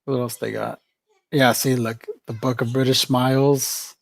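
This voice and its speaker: A man's voice: mid-range voice, level tone, measured pace, vocal fry, no room sound. A man hosting a casual livestream chat, rambling and often restarting his sentences. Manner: rambling, with frequent restarts and fillers. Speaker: livestream host.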